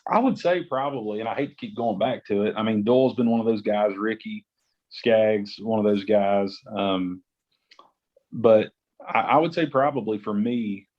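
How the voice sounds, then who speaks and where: Low-voiced gospel guy from west virginia, chatty, lots of "like", kinda muffled sound. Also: moderate pace. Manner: rambling, restarts often, says "like" a lot. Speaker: gospel music artist, podcast guest. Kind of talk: casual interview chat.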